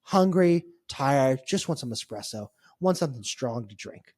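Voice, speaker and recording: A man's voice: mid-range voice, expressive, moderate pace, a little mellow, no echo, clean studio sound. A man co-hosting a podcast, telling a long travel story in a rambling, wry, exasperated way. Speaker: podcast co-host. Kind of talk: casual chat.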